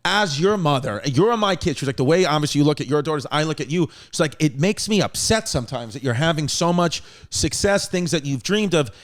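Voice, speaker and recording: A man with a slightly high, expressive voice hosts a comedy podcast, talking a little fast with few pauses. In casual chat he tells long, rambling stories, quoting others along the way, including his mother.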